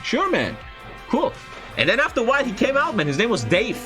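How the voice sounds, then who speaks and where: A young man, a streamer, telling a story in casual, profane, expressive chat. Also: very high voice, very fast, music in the background. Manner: profane, expressive, frequent swearing.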